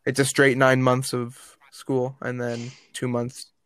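A man's voice: mid-range voice, monotone, slow pace, a bit bright, smooth, no echo. A young man chatting casually and joking with friends. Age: young adult. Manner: joking, laid-back, chatty. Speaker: friend in group chat. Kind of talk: casual chat.

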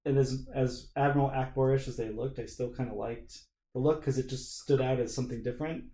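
A man hosting a podcast in casual chat, animated and acting out bits of scenes as he talks. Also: mid-range voice, fairly quick. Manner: animated, acts out lines from scenes. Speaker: podcast host. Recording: echoey room.

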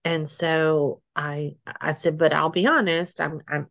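A middle-aged woman being interviewed, telling her story haltingly, with restarts, soft laughs and sighs. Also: sits low, fairly even intonation, vocal fry. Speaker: interview guest.

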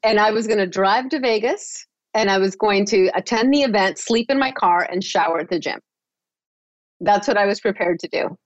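A woman tells her own story as a podcast guest, with animated delivery and frequent laughs. She often repeats words as she restarts a thought. Her voice comes through a dull, lo-fi recording that sounds dry and close. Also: mid-range voice, normal speed, no echo. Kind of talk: personal storytelling in an interview.

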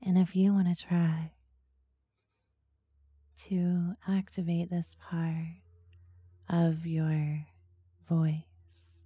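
A woman hosting a podcast in a soft, breathy, slow and seductive ASMR-style voice. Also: fairly low pitch, flat delivery, no room sound, dull audio. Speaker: podcast host.

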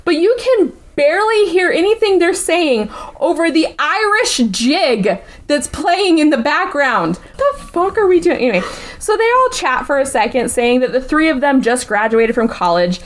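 A woman with a high, very animated voice recaps a movie for a podcast. Her pitch leaps around as she tells the story, and she is sarcastic and freely profane in a casual chat. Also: moderate pace. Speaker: podcast host.

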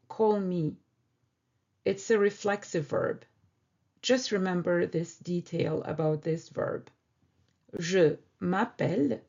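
A woman teaching a beginners' French lesson, repeating each word slowly and carefully. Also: fairly low pitch, gravelly, warm tone, highs cut off. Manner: slow, careful repetition of words. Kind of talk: slow language lesson.

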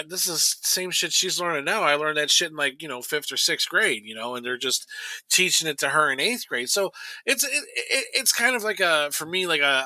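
Bright, rambling man in casual chat. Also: on the high side, no room sound. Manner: rambling, many fillers and restarts. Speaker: podcast co-host.

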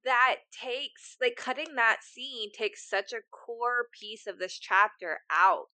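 A woman co-hosting a casual podcast chat, expressive and quick to react with gasps and groans. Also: on the high side, no echo. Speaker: podcast co-host.

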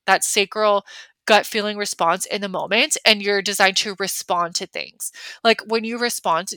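Chatting on her own podcast, a young woman fills her casual talk with fillers and plays out her reactions as she goes. Her voice is mid-range, pushed and bright, recorded with no room sound.

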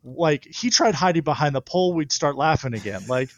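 A young man, a professional pitcher, telling stories in a casual interview, often laughing through them and restarting his sentences. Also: animated, a little fast, no echo.

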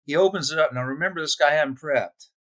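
A man's voice: a little high, quick pace. Man telling work stories casually. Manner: laughing, animated anecdotes. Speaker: nurse. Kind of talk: casual storytelling.

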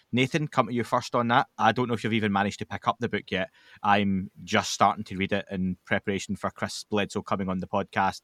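A man's voice: fairly low pitch, fairly bright tone, dry recording, studio quality. A man hosting a podcast panel in casual chat, cracking puns and laughing at his own jokes. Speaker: podcast host.

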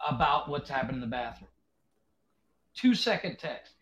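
A man hosting a casual podcast chat, an animated storyteller who laughs between his lines. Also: mid-range voice, normal speed, a little hiss or hum. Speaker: podcast host.

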